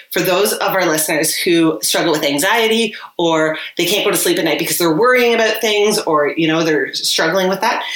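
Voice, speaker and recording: A woman's voice: fairly low pitch, a bit bright, echoey room, poor audio. A woman co-hosting a podcast, chatting casually and animatedly, laughing often. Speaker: podcast co-host. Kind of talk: casual chat.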